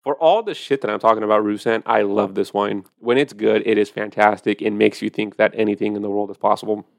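A man's voice: lowish voice, fairly even intonation, quick pace, gravelly, dry recording, clean studio sound. A man hosting a podcast, chatting casually and animatedly about wine, with profane storytelling. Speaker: podcast host.

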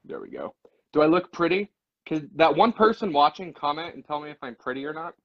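A man's voice: a little high, a little fast, a bit bright, no echo, dull audio. A man co-hosting a casual live stream, chatting in a goofy, rambling, playful way. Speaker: podcast co-host.

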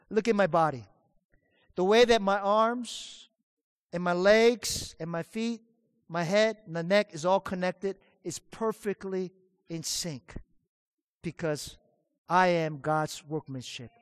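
A man's voice: high voice, slow, pauses often, smooth, dry recording, clean studio sound, long reverb tail. A male pastor preaching a sermon, stressing single words and asking the congregation questions.

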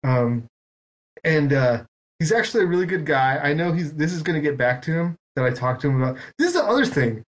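A very animated man with a fairly high pitch hosts a podcast at a fairly quick clip. He spins long, rambling tales at his own expense during casual chat, full of quoted exchanges.

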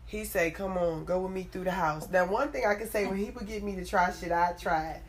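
A woman's voice: on the low side, fairly quick, a little hiss or hum. A woman in her twenties telling a funny personal story in casual, profane chat, often laughing. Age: 20s.

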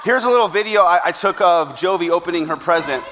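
A male pastor delivers a sermon to his congregation. His voice sits a little higher than most men's. He keeps the tone chatty and upbeat and slips in jokes as he goes. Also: animated, fast, over a noisy crowd. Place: church service before a congregation.

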